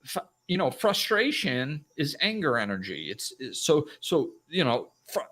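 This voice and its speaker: A middle-aged man hosts a live self-help talk in a lively voice that swings widely up and down. His tone is bright and forceful, and he often laughs while acting out both sides of a quarrel. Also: fairly high pitch, a little slow. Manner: animated, acts out arguments in raised voices, laughs often. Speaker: host.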